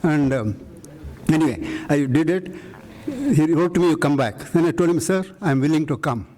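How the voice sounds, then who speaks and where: A man's voice: fairly high pitch, sing-song, normal speed, warm tone, rough recording. An older man from India recounting his career to a live audience, telling an emphatic story and acting out the dialogue. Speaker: invited speaker recounting career. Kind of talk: live lecture anecdote. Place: lecture hall.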